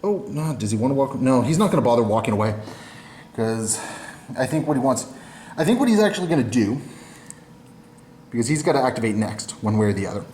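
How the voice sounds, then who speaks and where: A man in a mid-range, expressive, darkish voice talks fast but leaves long pauses while hosting a tabletop battle report. He's casual and self-mocking about his moves, recorded in an echoey space with slight noise.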